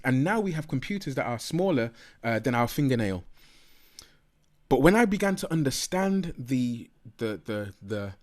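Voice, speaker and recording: A middle-aged man presenting a health seminar in a lively, swooping voice that sits a little high for a man. He drives his points home by repeating key facts and stretching out the words he wants to land. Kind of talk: spoken health talk.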